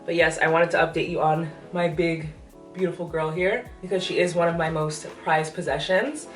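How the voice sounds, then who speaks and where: A woman's voice: deep voice, fairly even intonation, normal speed. A young pregnant woman chatting enthusiastically through a casual plant update vlog, a little out of breath. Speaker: plant vlogger. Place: apartment room with plants, indoors. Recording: echoey room, voice from a distance, faint music.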